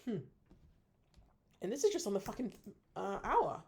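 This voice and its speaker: A woman's voice: medium pitch, very animated, moderate pace, darkish tone. A woman trader going over her own week of trades, scolding herself bluntly in a frustrated tone and swearing casually. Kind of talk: casual weekly trade review.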